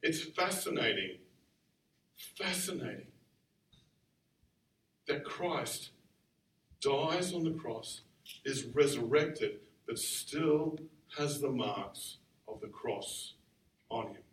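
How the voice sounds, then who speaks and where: A man preaching a sermon in a conversational, animated way, acting out the quotes he tells. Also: medium pitch, takes it slowly, pauses often. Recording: roomy sound from far off the mic.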